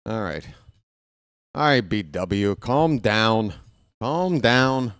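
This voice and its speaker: An American man giving casual live fan play-by-play of a baseball game, chatty and talking to himself, with excitable bursts. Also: lowish voice, drawn-out words. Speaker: play-by-play commentator.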